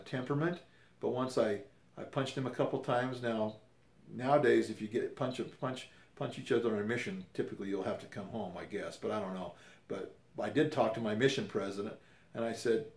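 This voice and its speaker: A man's voice: lowish voice, a little mellow. A man in his fifties casually telling a personal story, rambling and correcting himself as he goes. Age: 50s. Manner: rambling, self-correcting, conversational. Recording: roomy echo.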